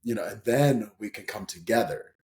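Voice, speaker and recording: Middle-aged man from St. Paul, low voice, loose and rambling storyteller, guest on a chat podcast. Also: expressive, normal speed, a little mellow. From St. Paul, Minnesota, USA. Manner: rambling, full of "you know" and restarts, laughs as he tells stories. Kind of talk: casual interview storytelling.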